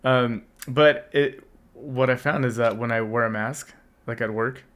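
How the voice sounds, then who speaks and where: Podcast co-host, man in his 30s, hoarse, chatty, throat-clearing. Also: mid-range voice, fairly even intonation, measured pace, fairly bright tone. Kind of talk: casual chat.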